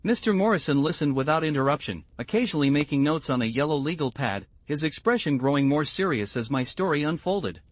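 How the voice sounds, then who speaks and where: A man reading a scripted first-person story in an even, measured way. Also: fairly high pitch, no echo. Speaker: narrator.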